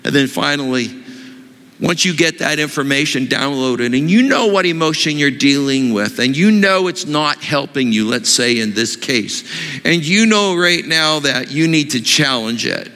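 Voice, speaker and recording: A man preaching a sermon, asking his congregation questions in an animated way. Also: on the high side, normal speed, long reverb tail. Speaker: pastor.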